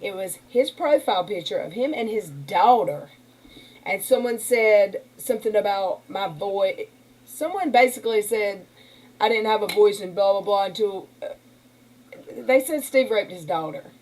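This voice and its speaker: Rambling along in an indignant tone, this livestream host keeps saying "y'all" to her audience. She has a mid-range, slightly mellow voice and sounds animated yet unhurried. The low-quality recording comes from her computer's stream mic.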